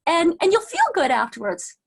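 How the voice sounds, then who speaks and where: A woman's voice: big pitch swings, moderate pace, vocal fry, heavily acted. A woman doing an eager young man calling out. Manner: coaxing, upbeat sales pitch. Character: eager young male street outreach volunteer.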